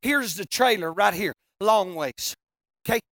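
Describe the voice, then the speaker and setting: A preacher telling a funny story in a sermon, folksy and animated, now and then breaking into shouts. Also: medium pitch, a little slow, no echo, studio quality.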